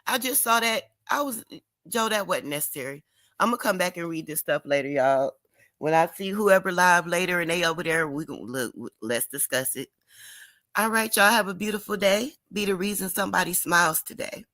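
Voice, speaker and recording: A woman's voice: lowish voice, moderate pace, fairly bright tone, no echo, clean studio sound. A woman from Detroit with a Detroit accent on her livestream, talking bluntly and emphatically with lots of profanity, upset and crying. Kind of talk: emotional livestream rant.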